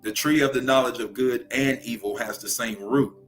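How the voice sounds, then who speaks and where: A man's voice: mid-range voice, fairly even intonation, normal speed, faint music behind. A young man from Louisiana with a Southern accent hosts a spiritual livestream talk in a preachy way, often asking "right?" to check in with his viewers.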